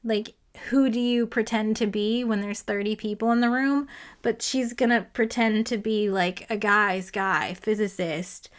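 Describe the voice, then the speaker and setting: A woman's voice: medium pitch, fairly even intonation, measured pace. A woman, a physicist, giving a casual, exasperated and sarcastic spoken review of a novel, with a lot of "like" fillers. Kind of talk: casual commentary to camera.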